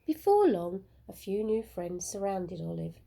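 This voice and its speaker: A woman teacher reading a picture book aloud to children in a slow, expressive storytelling manner. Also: medium pitch, gravelly.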